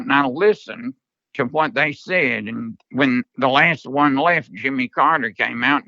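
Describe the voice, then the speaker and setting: Older guy telling an old story, bright clear voice, dry kinda dull sound. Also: mid-range voice, no echo. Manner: slow, earnest storyteller. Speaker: interview guest. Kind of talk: storytelling interview.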